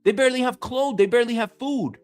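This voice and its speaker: A man's voice: very high voice, quick pace, faint music behind. A man hosting his own show from home, delivering an angry, profane, emphatic rant. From New York City. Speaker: host. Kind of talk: ranting commentary.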